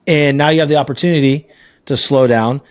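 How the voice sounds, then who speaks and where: A man's voice: medium pitch, steady tone, fairly quick, dry recording, studio quality. A man hosting a podcast, talking earnestly in a casual conversational way and telling stories with filler words. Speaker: podcast host.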